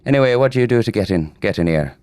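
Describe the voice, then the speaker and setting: A man's voice: lowish voice, lively intonation, darkish tone, smooth, dry recording, voice pushed up, lightly acted. A man putting on a cheeky Irish marine. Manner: quick, cheeky, lots of fillers. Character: brash Irish male marine, cocky and scrappy. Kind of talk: in-character tabletop play.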